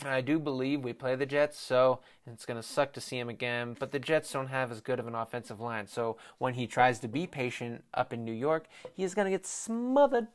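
A man's voice: medium pitch, brisk, hardly any pauses. Rambling, profane young man. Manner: profane, excitable, mocking rival team; self-deprecating, off the cuff. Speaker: sports podcast host. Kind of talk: casual rambling commentary.

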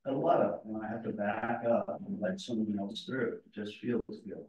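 A man's voice: on the low side, fairly even intonation, moderate pace, darkish tone. A man speaking up at a community meeting, plain-spoken and firm in his views. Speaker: resident giving public comment. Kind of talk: public meeting comment. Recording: distant, roomy, dull meeting-room sound.

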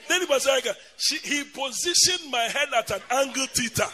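Animated high-voiced preacher man. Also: normal speed, some chatter behind. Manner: animated, bursts into loud emphatic shouts and laughter; lists items in a loud, stressed cadence. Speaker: bishop preaching. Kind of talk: sermon with comic storytelling.

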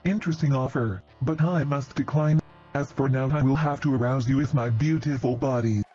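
A man's voice: mid-range voice, fairly even intonation, moderate pace, dark tone, muffled recording, faint music behind, natural voice. A man voicing a smug, creepy mad-scientist twin brother in a parody cartoon, speaking theatrically.

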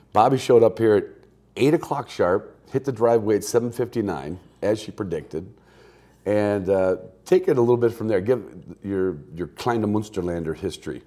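A man's voice: lowish voice, a little mellow. A road-weary man hosting a podcast in casual, rambling chat, joking about himself between asides, recorded at a picnic table in a garage. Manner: jokey, self-mocking, rambling asides. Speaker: podcast host.

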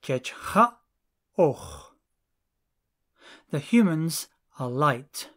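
Very slow, deliberate language teacher. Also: medium pitch, big pitch swings, fairly bright tone. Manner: slow, deliberate phrase-by-phrase drilling. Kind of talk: language lesson drills.

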